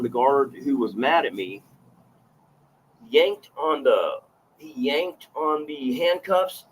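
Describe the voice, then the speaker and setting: A man's voice: mid-range voice, slight background noise. Rambling, profane man telling a story. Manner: rambling, profane, with restarts and fillers; emphatic, repeats himself. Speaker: vlogger recounting a personal story. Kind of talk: casual first-person storytelling.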